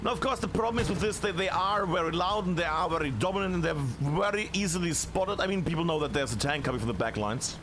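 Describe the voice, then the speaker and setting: A man casting a tactical shooter match solo, chatty and excitable, shouting on big plays. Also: a little high, fast, hardly any pauses, background noise. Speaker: esports caster. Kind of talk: solo play-by-play commentary.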